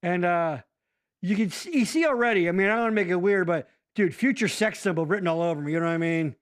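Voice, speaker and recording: A man's voice: high-pitched, fast talker. A man hosting a casual podcast chat, rambling and swearing freely as he jumps from thought to thought. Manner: animated, profane, rambling. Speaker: podcast host.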